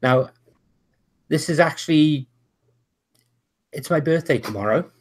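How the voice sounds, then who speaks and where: A man running a tabletop wrestling game as game master, narrating with many restarts and fillers over an online call. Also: fairly high pitch. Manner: halting, full of restarts and "uh". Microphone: online video call.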